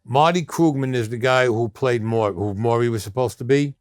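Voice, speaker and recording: An older man with a thick New York accent spins blunt, streetwise stories, now and then slipping into the voices of the people in them. His voice sits at an ordinary middle pitch, and the sound is very dry and close, with no room around it. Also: normal speed, no room sound. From Brooklyn, New York. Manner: blunt, streetwise storyteller who acts out quoted people. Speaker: interview guest. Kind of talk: storytelling interview.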